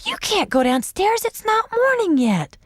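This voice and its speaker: A woman reading a children's story aloud and voicing a bossy, excitable little girl who is a big sister. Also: unhurried, no echo, clean studio sound, full character voice. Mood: alarmed. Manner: shrill, teasing and urgent.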